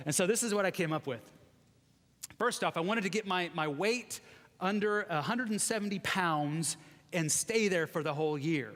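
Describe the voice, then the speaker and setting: In a big church sanctuary full of long, echoing reverb, a guest preacher in his forties gives a chatty sermon, poking fun at himself and joking with the congregation. His voice is high and fairly bright, and he talks rather quickly.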